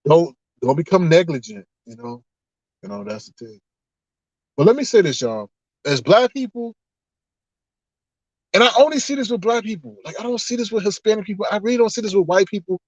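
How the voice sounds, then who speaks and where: A man hosting a casual livestream, reading the chat and telling stories in an animated, exclamatory way, often laughing. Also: high-pitched, no echo. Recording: dull, slightly lo-fi, dry sound.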